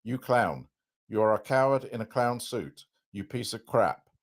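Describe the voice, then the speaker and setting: A man reading aloud and acting out a furious man yelling abusive insults at a police officer. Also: mid-range voice, lively intonation, pitched above the performer's own voice. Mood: enraged. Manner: shouting, abusive, rapid-fire insults.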